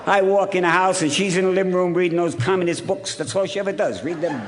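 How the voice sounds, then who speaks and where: This recovery speaker from Ohio talks quickly in a high-pitched voice, addressing a hall audience in a hotel conference room. His story comes across punchy and wry, with plenty of repeated lines.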